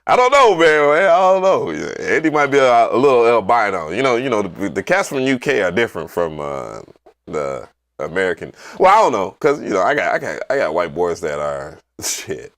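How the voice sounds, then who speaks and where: Animated profane man with lively pitch. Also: moderate pace. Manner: animated, profane storytelling with loud excited outbursts. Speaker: livestream host. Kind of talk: casual livestream chat.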